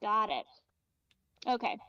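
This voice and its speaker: A woman chatting on a reading stream, self-conscious and halting, often restarting her sentences. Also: medium pitch, big pitch swings, lo-fi sound. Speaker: guest reader. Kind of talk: casual reading stream chat.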